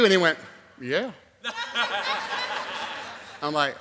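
A man preaching a sermon, telling a personal story with animated swings from loud exclamations to a hushed altar call. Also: high-pitched, normal speed, pauses often. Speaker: guest preacher. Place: church sanctuary. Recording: long hall reverb.

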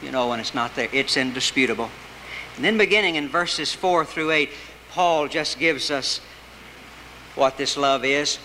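Male preacher, bright, forceful sermon voice, rhythmic delivery, long hall echo. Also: medium pitch, moderate pace. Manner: rhythmic preaching with wide swings between raised and hushed delivery. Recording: reverberant hall with faint background noise.

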